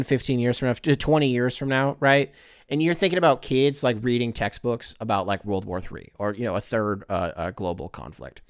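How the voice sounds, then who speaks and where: A man's voice: mid-range voice, fairly bright tone, clear, resonant tone, no echo, studio quality. A man hosting his own podcast, talking alone in a rambling, profane, tongue-in-cheek way. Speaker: podcast host. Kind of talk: casual solo commentary.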